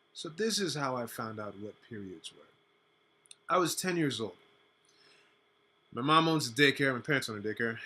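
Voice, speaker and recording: Young male storyteller, casual and animated, husky bright voice. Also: mid-range voice. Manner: animated, lots of "like" fillers.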